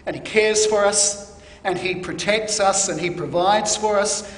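A man preaching a sermon in a measured, deliberate teaching manner, stressing key words. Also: high voice. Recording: echoey hall.

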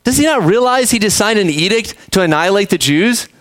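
A man preaching a sermon, telling the story with animated energy, acting out characters and speaking to the kids in the room. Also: sits high, a little fast, dry recording. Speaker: pastor.

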